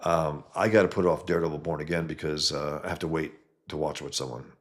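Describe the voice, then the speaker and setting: A man's voice: very deep voice, fairly even intonation, quick pace. A man hosting a casual livestream, reading chat comments and rambling bluntly, often trailing off mid-sentence.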